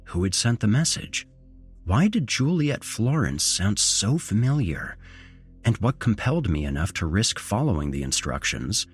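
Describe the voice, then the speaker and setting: Deep-voiced male horror narrator. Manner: measured storytelling with dramatic rises in intonation. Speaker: host and narrator.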